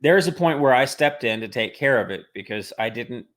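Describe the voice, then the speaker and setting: Blunt, foul-mouthed male co-host, mid-range voice, fast bursts. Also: medium pitch, animated, a bit bright. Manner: blunt, profane, talks in quick bursts. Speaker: podcast co-host. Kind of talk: casual chat.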